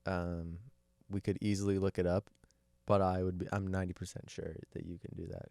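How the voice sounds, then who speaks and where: A man's voice: low voice, level tone, gravelly, dark tone, no echo. A man co-hosting a podcast in casual chat, riffing with crude jokes. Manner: crude, joking, drawn-out riffing. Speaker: podcast co-host.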